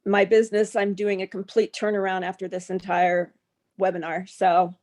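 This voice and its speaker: A woman joining a webinar by video call, talking in an emotional, halting, effusive way. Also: mid-range voice, flat delivery, darkish tone, no echo. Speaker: webinar participant. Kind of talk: casual chat.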